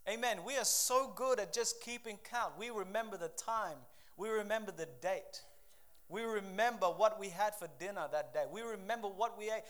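A man preaching a sermon with a lively, conversational delivery, full of quick asides and acted-out quotes. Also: high voice. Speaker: pastor.

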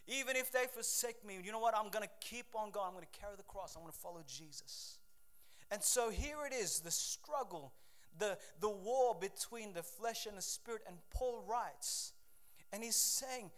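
High-voiced, fired-up male preacher. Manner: impassioned, rising to near-shouts, then dropping low for scripture; rapid asides and repetitions. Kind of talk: sermon.

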